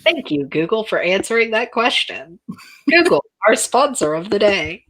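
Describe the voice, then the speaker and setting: A woman's voice: mid-range voice, sing-song, normal speed, a bit bright. A woman narrating a tabletop role-playing game as game master, in a casual, playful way.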